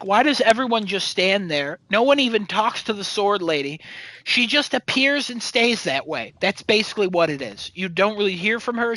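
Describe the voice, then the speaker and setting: A man's voice: high voice, bright, forceful tone, no room sound, rough recording. A man hosting a casual chat show, recapping a movie in a rambling, sarcastic way with lots of fillers and swearing. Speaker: podcast host.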